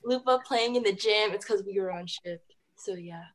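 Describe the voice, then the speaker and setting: A woman's voice: mid-range voice, normal speed. A woman chatting casually on a podcast, telling a story loosely and trailing off at the end.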